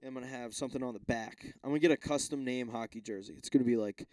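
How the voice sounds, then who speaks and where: Profane rambling man with a mellow voice. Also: mid-range voice, quick pace, no room sound, studio quality. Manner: rambling, profane, self-interrupting. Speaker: podcast host. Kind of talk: casual solo rant.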